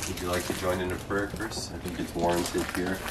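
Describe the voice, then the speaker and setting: A man's voice: low voice, level tone, a little fast. A man on a paranormal exploration trip, speaking earnestly and leading a solemn spoken prayer. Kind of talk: spoken prayer and casual chat. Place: abandoned house, indoors. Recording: noisy handheld recording.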